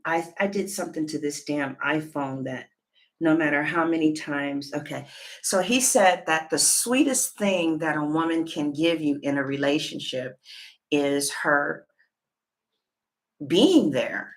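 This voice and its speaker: A woman talks casually to her viewers as a tarot reader. Her voice is bright and sits a bit low. She retells what other people said with lively, animated storytelling. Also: measured pace.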